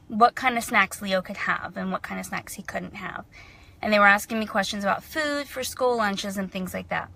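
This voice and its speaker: A woman's voice: fairly high pitch, creaky, bright, forceful tone. A woman in her thirties, a mother talking straight to camera in a casual vlog, chatty and growing heated and frustrated. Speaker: mother, vlogger.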